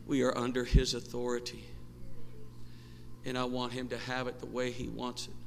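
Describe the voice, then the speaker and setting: A man preaching a sermon as pastor, impassioned and rising to shouts, in a church sanctuary. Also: mid-range voice, completely flat delivery, moderate pace, creaky. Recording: long church hall reverb, faint noise.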